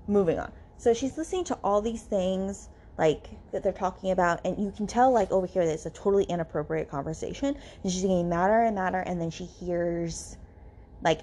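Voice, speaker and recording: A woman's voice: fairly low pitch, warm tone, a little hiss or hum. A woman hosting a book podcast, recapping a novel in a chatty, filler-heavy way with casual swearing. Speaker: podcast host reviewing a novel.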